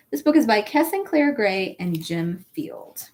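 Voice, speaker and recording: A woman's voice: mid-range voice, a little slow. A woman, a children's librarian, reading a picture book aloud at a library storytime and asking the children questions. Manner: animated, asks children questions.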